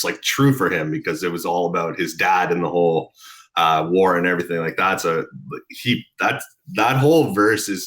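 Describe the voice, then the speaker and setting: A male radio host with a very low voice and a bright, forceful edge to it. He talks in an easygoing, fan-like way, keen and animated about the music he loves. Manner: enthusiastic, speaks as an excited fan. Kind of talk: casual radio interview chat.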